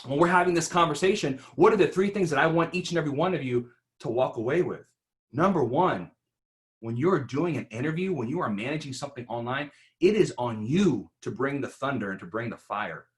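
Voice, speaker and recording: A man giving an instructional talk on speaking in online interviews, animated and rhetorical, often checking in with "right?". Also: mid-range voice. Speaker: presenter.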